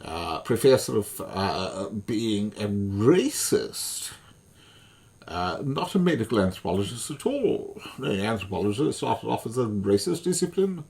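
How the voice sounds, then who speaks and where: A man's voice: lowish voice, sing-song, measured pace, vocal fry, darkish tone, breathy edge. A man delivering an angry, swearing monologue as an online commentator, furious and repetitive.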